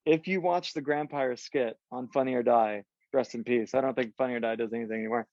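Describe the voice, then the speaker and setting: A man's voice: medium pitch, fast talker, a little mellow, no room sound, dull audio. A man in his thirties from Southern California tells a long anecdote as a podcast guest, with lots of fillers and cursing. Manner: rambling, profane, heavy on fillers like "like" and "um". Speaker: guest musician. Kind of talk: casual anecdote telling.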